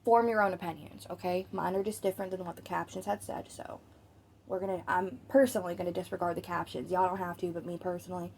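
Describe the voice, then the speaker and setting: A woman's voice: medium pitch, darkish tone, a little hiss or hum. Chatty woman commentary host. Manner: chatty and opinionated, addresses viewers directly. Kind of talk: casual commentary.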